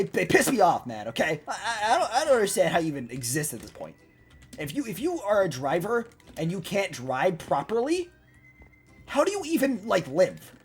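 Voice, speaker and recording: Husky woman ranting and swearing. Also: medium pitch. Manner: angry ranting, swearing, yelling. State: voice going hoarse. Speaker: vlogger. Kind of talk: ranting monologue.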